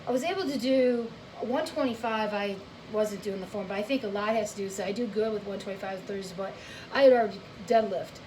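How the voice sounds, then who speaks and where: A woman's voice: mid-range voice, brisk, a little mellow, low-quality recording. A woman rambling casually about her gym workouts while she cooks in her home kitchen, with lots of fillers and restarts. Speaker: home cooking vlogger. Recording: kitchen noise with clattering dishes.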